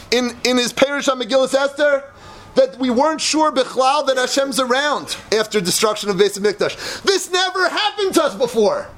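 A man giving a dramatic, impassioned Torah lecture that at times rises to shouting. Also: very high-pitched.

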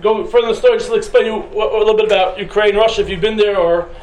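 A man's voice: sits high, steady tone, rapid-fire, darkish tone. A man teaching a class who tells a personal story in a casual, humorous, chatty way with fillers. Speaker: Torah teacher. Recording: roomy echoing room with faint noise.

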